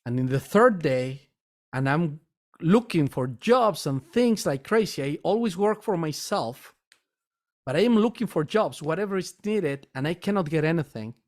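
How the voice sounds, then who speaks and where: Earnest man telling a halting personal story. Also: fairly high pitch, expressive. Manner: earnest, halting, repeats words when emotional. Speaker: metaphysical store owner and meditation teacher.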